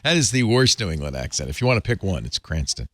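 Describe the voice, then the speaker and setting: A man's voice: fast talker, no room sound. A man hosting a casual tech panel chat, chatty and joking, who grew up in Rhode Island. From Rhode Island, USA. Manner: chatty, jokey, lively pitch swings. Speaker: host.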